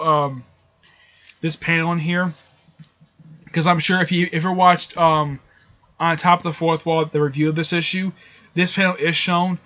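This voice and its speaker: A man walks through a comic book issue in a loose, rambling review, stumbling over restarts and filling gaps with "uh" and "um". His voice sits high for a man and sounds bright and edgy. The audio is muffled and lo-fi. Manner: rambling, with many fillers and restarts. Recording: dull lo-fi audio.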